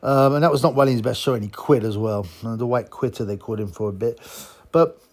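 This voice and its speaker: A man's voice: mid-range voice, fast talker, darkish tone. A man giving a blunt, mocking, casual monologue as a boxing commentator. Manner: blunt, mocking, chuckling asides.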